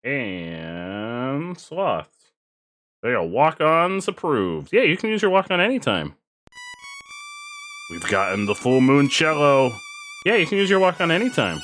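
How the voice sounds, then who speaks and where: Chatty male streamer, lively voice. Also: mid-range voice, a little slow. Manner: chatty, explains things to viewers, repeats himself. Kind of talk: casual live-stream chat while gaming.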